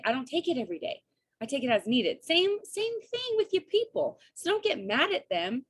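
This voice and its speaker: A woman, coaching her sales team on a video call in an energetic, chatty way and often checking in with "right?" and "okay?". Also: a little high. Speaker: network marketing coach.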